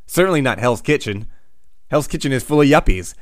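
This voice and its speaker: A man's voice: medium pitch, lively intonation, a little fast, no room sound, clean studio sound. A man narrating a comic book recap with wry, sardonic asides.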